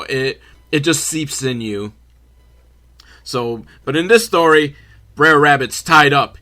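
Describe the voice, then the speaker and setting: A man's voice: mid-range voice, pushed and bright. A man giving a sarcastic, profane comedic film recap, full of rambling asides. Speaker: comedy reviewer.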